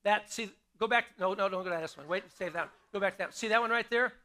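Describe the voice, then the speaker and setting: High, bright-voiced pastor preaching. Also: male voice, fast. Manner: conversational, asks the congregation questions and repeats key lines. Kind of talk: sermon. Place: church sanctuary.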